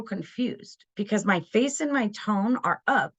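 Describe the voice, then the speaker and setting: A middle-aged woman presenting a parenting webinar in a casual, animated way, acting out quoted voices. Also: lowish voice, moderate pace, vocal fry, few pauses.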